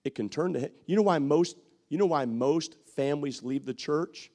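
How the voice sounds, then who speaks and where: A man preaching a sermon, bantering with the congregation, repeating phrases for emphasis and sometimes shouting. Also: on the high side, moderate pace.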